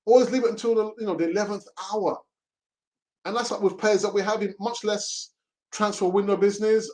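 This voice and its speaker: A man's voice: high-pitched, fairly even intonation, fairly quick, darkish tone. A man hosting a casual live stream, reading chat messages aloud, laughing and mockingly acting out pleading voices. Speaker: host of a fan channel reading live chat.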